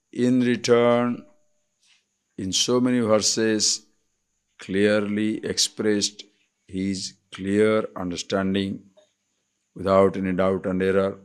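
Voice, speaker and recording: A man with an Indian accent, a swami giving a spiritual discourse on scripture, explaining deliberately and checking in with rhetorical questions. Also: on the low side, clear, resonant tone.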